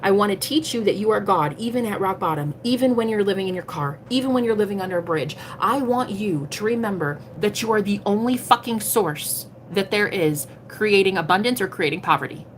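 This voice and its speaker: A woman's voice: medium pitch, expressive, brisk, few pauses, a little hiss or hum. A woman talking casually on a livestream as a tarot reader, blunt and emphatic, swearing freely and preaching self-empowerment. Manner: preachy, motivational.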